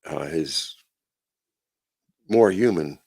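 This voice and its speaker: A man's voice: a bass voice, animated, extremely slow, vocal fry, darkish tone, husky. A male host of a live chat show, reading news aloud and adding sardonic, chuckling asides with frequent "uh"s and restarts. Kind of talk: casual livestream commentary, reading news aloud.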